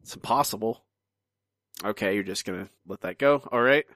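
A man's voice: lowish voice, fairly quick, a bit bright, no echo, studio quality. A man hosting a podcast, chatty and teasing, talking casually. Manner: teasing, chatty, stumbles and restarts. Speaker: podcast host. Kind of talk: casual chat.

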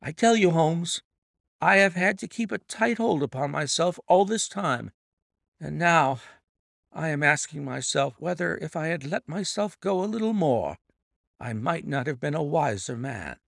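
A man playing an agitated young man, earnest, lively pitch, gravelly, close and dry. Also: unhurried, no echo, full character voice. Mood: indignant. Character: distressed young man telling his tale.

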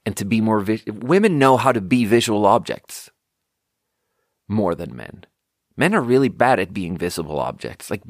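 A man's voice: on the low side, dry recording, studio quality. A young man hosting a podcast, telling a story in a rambling, self-deprecating way full of fillers and restarts. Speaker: podcast host. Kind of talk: casual storytelling monologue.

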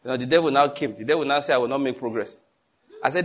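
A man's voice: medium pitch, fast. A man preaching a sermon as pastor, emphatic, repeating phrases and acting out stories.

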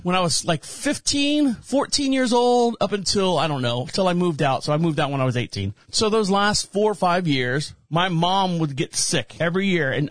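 A man in his forties with a fairly high voice, talking through a personal story as a radio host. He rambles in a chatty way and laughs often. The sound is dry and close. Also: lively intonation, moderate pace, few pauses, dry recording. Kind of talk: casual monologue.

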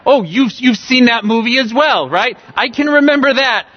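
Californian pastor guy preaching, kinda high voice, repeats his points, dull lo-fi sound w/ long reverb. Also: expressive, moderate pace, hardly any pauses. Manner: emphatic, repeats key phrases, humorous everyday illustrations. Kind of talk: sermon.

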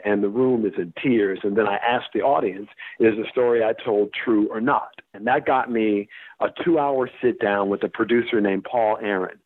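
A man from the US Deep South, an actor being interviewed, talking candidly and emphatically, swearing and laughing as he makes his points. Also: no room sound. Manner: emphatic, profane, laughs while making points. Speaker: actor guest. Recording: tinny phone-line sound.

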